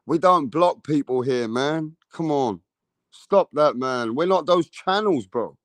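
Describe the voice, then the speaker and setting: An English man hosting a boxing live stream, chatting loosely with his viewers in a joking way and swearing often. His voice sits slightly high, and it is recorded on a close mic with a dry, dead sound. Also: lively intonation, a little slow, no echo. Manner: casual, joking, swears freely, addresses viewers. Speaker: boxing channel host.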